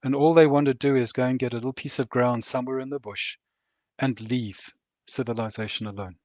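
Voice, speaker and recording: An older man from Rhodesia, a veteran author and counsellor, speaking in an earnest, measured way and slowing down on heavy words. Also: medium pitch, steady tone, a little mellow, no room sound. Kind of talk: reflective interview talk.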